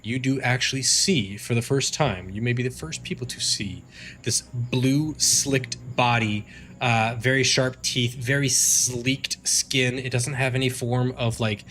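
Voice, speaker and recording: A man's voice: mid-range voice, fairly bright tone. A man narrating as game master of a tabletop game stream, casual and rambling with fillers and restarts.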